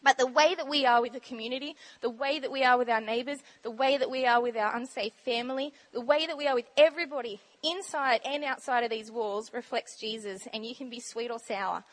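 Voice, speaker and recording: A woman giving an informal, chatty sermon talk in a church, bubbly and quick to laugh. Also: fairly high pitch, a bit bright. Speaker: church speaker sharing testimony.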